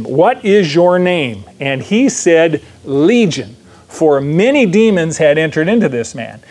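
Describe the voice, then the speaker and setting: A man's voice: fairly high pitch, a little mellow. A man preaching a verse-by-verse sermon, emphatic, repeating phrases and checking in with "right?". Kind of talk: sermon, verse-by-verse Bible teaching.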